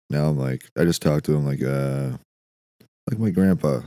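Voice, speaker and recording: A man hosting a podcast, delivering a dry, deadpan, profane comedic monologue. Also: very deep voice, normal speed, dry recording. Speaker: podcast host.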